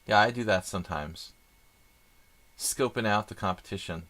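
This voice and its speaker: A man's voice: lowish voice, normal speed, a bit bright. A man doing live chess stream commentary, chatty and thinking aloud with rambling asides.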